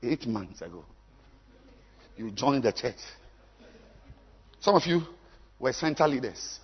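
A man, preaching a sermon as a pastor, swinging from low musing to loud exhortation. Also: slightly rough, dull audio. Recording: long hall reverb.

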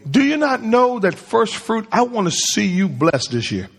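A man's voice: high voice, big pitch swings, moderate pace, husky. A man preaching a sermon to his congregation in call-and-response style, quizzing them as he speaks. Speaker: pastor. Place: church sanctuary. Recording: long hall reverb.

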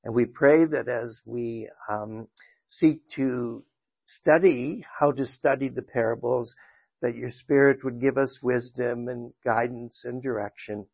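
A man's voice: mid-range voice, fairly even intonation, measured pace, creaky, breathy edge, dry recording, lo-fi sound. A man teaching a Sunday school class, talking conversationally with fillers, then reading scripture aloud and praying. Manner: conversational with frequent fillers and restarts. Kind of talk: church lesson with scripture reading and prayer. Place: church classroom.

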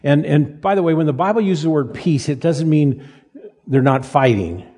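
An older man preaching a sermon in a folksy, halting way, with frequent restarts and self-deprecating humor. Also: fairly high pitch, warm tone, breathy edge. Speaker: pastor. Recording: reverberant hall.

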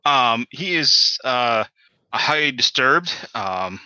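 A man narrating as game master, pausing often with ums as he describes the scene. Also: mid-range voice, lively intonation, sharp tone, smooth, dry recording, low-quality recording. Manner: hesitant, many ums and restarts.

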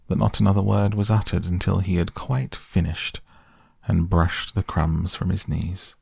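A man narrating a storybook reading in a measured, expressive way. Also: low-pitched, creaky, breathy edge, no room sound, studio quality.

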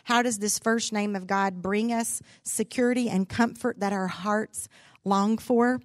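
A woman's voice: mid-range voice, steady tone, unhurried, no room sound, studio quality. A middle-aged woman giving a sermon, telling a personal story and asking the room direct questions. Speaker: speaker at a church gathering.

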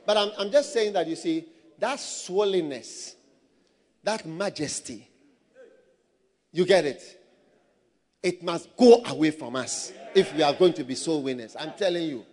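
A man preaching a sermon, telling stories with bursts of shouting and laughter. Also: sits high, animated, unhurried, long pauses. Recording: long hall reverb.

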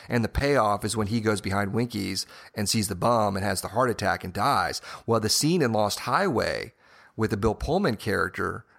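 A man's voice: lowish voice, a bit bright. A man co-hosting a podcast, talking casually and at length about a TV series, with many "you know"s and small restarts. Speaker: podcast co-host. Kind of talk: casual TV-show discussion.

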